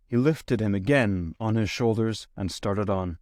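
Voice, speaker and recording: A man narrating a classic short story as an audiobook reader, steady, lifting his voice for quoted lines. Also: fairly low pitch, measured pace, dry recording, clean studio sound. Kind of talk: scripted narration.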